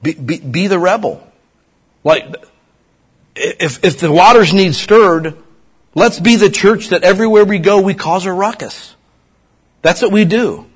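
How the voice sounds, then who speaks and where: A middle-aged man from Ohio preaching a sermon as pastor, swinging from loud urging to hushed asides. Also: a little high, normal speed, breathy edge.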